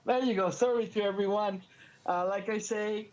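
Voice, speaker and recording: A man's voice: high-pitched, moderate pace, highs cut off. Playful Latino man with a Spanish accent. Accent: Latin American Spanish. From Latin America. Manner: animated, playful, joking. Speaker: podcast co-host. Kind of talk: casual podcast chat.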